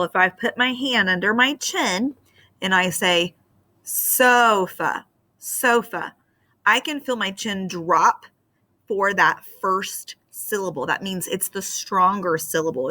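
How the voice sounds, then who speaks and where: A woman teacher giving a recorded spelling lesson to her class, explaining patiently and filling pauses with um. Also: mid-range voice, pushed and bright. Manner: slow, patient explaining with fillers.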